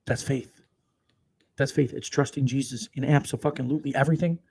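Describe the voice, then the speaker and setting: A male preacher with a gravelly, fry-laden voice, reading Bible verses in a slow, deliberate cadence. He swings into profane, emphatic commentary and erupts loudly at times. His pitch sits in an ordinary middle range. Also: steady tone. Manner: profane, swings between slow solemn reading and loud outbursts. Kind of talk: scripture reading with crude live commentary.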